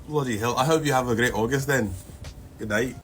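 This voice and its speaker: A man, joking deadpan to the camera. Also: medium pitch, a little fast, faint music behind, low-quality recording.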